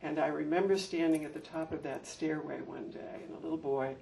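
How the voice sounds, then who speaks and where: Gravelly older man telling stories from afar. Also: fairly high pitch, brisk. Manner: heartfelt storytelling, animated when telling anecdotes. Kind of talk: reminiscing talk at a public event. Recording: distant mic with faint room noise.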